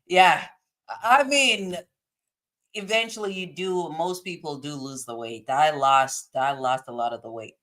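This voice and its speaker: A woman's voice: deep voice, a little slow, a bit bright. A woman hosting a casual live stream, reading chat comments aloud and laughing often as she chats.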